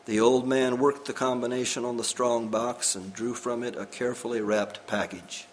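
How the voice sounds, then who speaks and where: A man reading a story aloud in a measured, grave way. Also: medium pitch, flat delivery, slight background noise.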